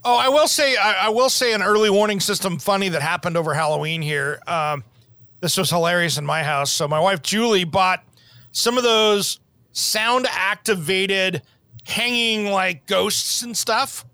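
A podcast host with a high, bright voice and a forceful tone speaks at a moderate pace, with no room sound. He tells rambling stories in a casual, easygoing chat and laughs easily.

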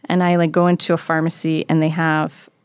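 A woman in her thirties tells a story in an animated way and laughs often. She slips into the voices of the people in it. The recording is dry and close, with no room sound. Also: low-pitched, fairly quick, smooth, dry recording. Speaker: guest, comedian and musician. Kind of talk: casual storytelling chat.

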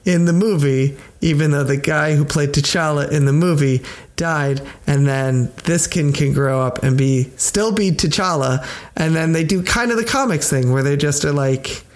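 A young man with a slightly higher voice, trading dry, laid-back remarks in a casual movie podcast. He often chimes in with quick agreement. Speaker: podcast co-host. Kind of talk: casual movie review chat.

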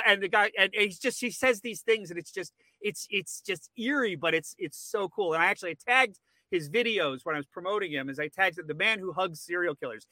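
Male interview guest: bright edgy tone, rambling and excitable, dry close mic. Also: sits high, no echo. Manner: rambling, repeats words when excited. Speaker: podcast guest. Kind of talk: casual interview.

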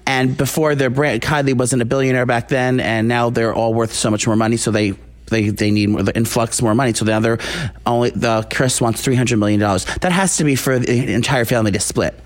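A man's voice: medium pitch, steady tone, brisk. A man co-hosting a podcast, chatting casually about celebrity news in a rambling way with lots of restarts. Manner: rambling, many restarts and fillers. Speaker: podcast co-host. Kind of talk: casual celebrity gossip chat.

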